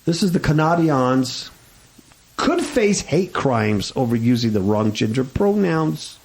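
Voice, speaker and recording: A male radio talk show host in casual banter with a co-host. His voice swings widely in pitch as he talks, sitting in an ordinary middle register, and his delivery turns sarcastic and mocking. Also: big pitch swings, moderate pace, gravelly, a little mellow, low-quality recording. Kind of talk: casual chat.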